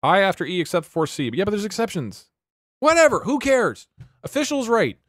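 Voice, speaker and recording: High-pitched man, sarcastic streamer banter. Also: very animated, a little fast, fairly bright tone, no room sound, studio quality. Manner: sarcastic, exasperated banter with chat. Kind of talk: casual live-stream chat.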